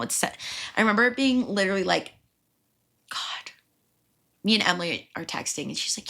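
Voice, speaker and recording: Animated young woman telling a frantic story. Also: lowish voice, fast, vocal fry. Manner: rambling, frantic, swears a lot. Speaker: podcast host. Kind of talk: casual storytelling.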